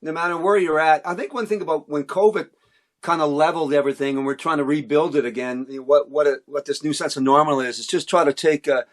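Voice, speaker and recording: A man's voice: on the high side, fairly even intonation, fast talker. A middle-aged man from Cape Breton, Canada, a musician guest telling stories in a rambling, self-interrupting way in a casual interview.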